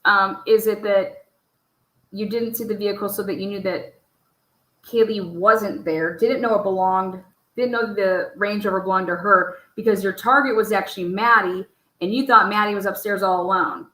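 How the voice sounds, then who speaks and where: A woman's voice: medium pitch, fairly even intonation, normal speed, a bit bright, echoey room, poor audio. A woman giving casual true crime commentary over case footage. She swears freely and fires off pointed rhetorical questions. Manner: profane, rhetorical, asks many pointed questions.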